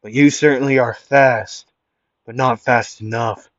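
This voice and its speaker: A man's voice: mid-range voice, fairly even intonation, a little slow, no room sound, close to an everyday voice. A man voicing a scheming masked male villain in a loose cowboy-style drawl, taunting his opponent, on a dull lo-fi home mic. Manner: drawling put-on cowboy-ish twang.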